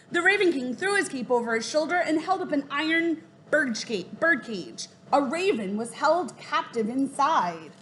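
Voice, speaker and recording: Lady reading a kids storybook out loud, clear and steady, higher voice. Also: normal speed, few pauses. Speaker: narrator. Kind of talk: children's storybook read-aloud.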